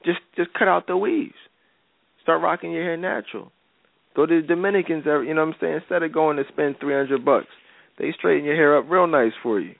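A man's voice: fairly high pitch, fast, creaky, no echo. A man hosting a faith-based advice radio show. He talks in a casual, slangy, preachy way and keeps asking "you know what I'm saying". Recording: dry, tinny phone-like radio audio.

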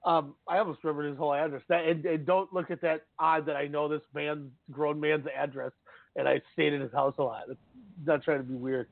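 Higher-voiced man on a tinny line. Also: little pitch movement, a little fast, gravelly, no room sound. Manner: emotional, rambling storyteller. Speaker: sports radio host. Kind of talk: casual sports talk. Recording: dry, tinny phone-like line.

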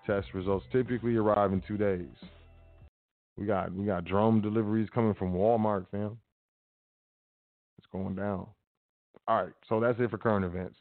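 A man's voice: lowish voice, steady tone, moderate pace, pauses often, no echo, faint music behind. A man hosting a casual talk show, reading news aloud and commenting with sarcasm and loose slang. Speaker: podcast host. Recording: tinny phone-like line.

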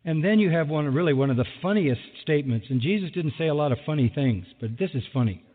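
A man preaching a sermon with lively delivery who acts out the people he quotes, recorded in a large hall. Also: on the high side, quick pace. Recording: phone-like sound with long hall reverb.

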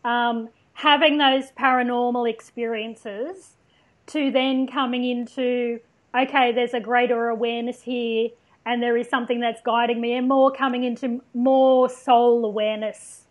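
A woman's voice: a little high, flat delivery, a little slow, highs cut off. A woman hosting an interview, asking questions with encouraging, affirming replies. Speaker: podcast host.

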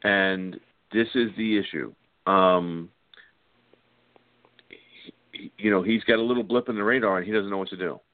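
Low-voiced man over a phone line. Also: fairly even intonation, moderate pace, pauses often, dry recording. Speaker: podcast co-host. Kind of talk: casual sports chat. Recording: tinny phone-line sound, dry.

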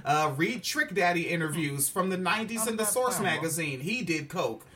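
A man hosting a podcast, reviewing a show in casual chat, animated, argumentative and profane. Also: sits high, moderate pace. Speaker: podcast host.

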